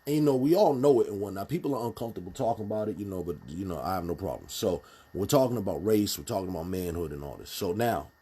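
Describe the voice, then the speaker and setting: A man's voice: sits low, expressive, fast talker, hardly any pauses, dark tone, breathy edge. A man giving a casual, blunt spoken commentary, emphatic and full of restarts. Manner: emphatic, many fillers and restarts, speaks bluntly.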